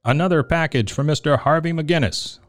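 A man puts on a young boy playing Santa, forcing a gruff, deep-sounding tone. The voice still sits higher and louder than the narration, with soft music behind. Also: fairly quick, close to an everyday voice.

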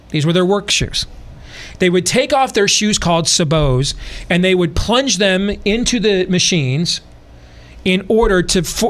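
A man hosting a podcast, talking in an animated, repetitive way and building his point through sports and war analogies. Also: sits high. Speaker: podcast host. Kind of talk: casual podcast talk.

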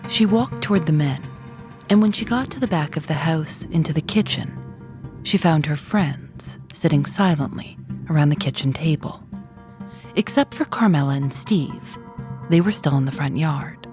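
A woman host giving calm, measured scripted narration. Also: low-pitched, over music. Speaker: podcast host.

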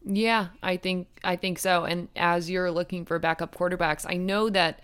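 Smooth-voiced, slightly groggy young woman. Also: on the low side, steady tone, a bit bright. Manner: chatty, drawn-out filler words, thoughtful. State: groggy in the morning. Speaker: fantasy football podcast co-host. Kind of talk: casual sports chat.

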